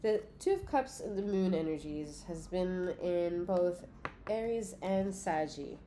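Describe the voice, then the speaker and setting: Congested low-voiced woman reading tarot. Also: lively intonation, unhurried, warm tone, a little hiss or hum. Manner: loose, profane, giggly. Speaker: tarot reader. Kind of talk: casual spiritual reading, talking to viewers.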